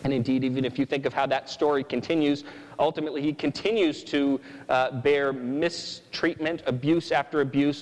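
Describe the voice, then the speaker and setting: A man's voice: on the high side, in a large hall, rough recording. A man preaching a sermon, earnestly explaining scripture and asking "right?" again and again. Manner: earnest, repeats "right?" often.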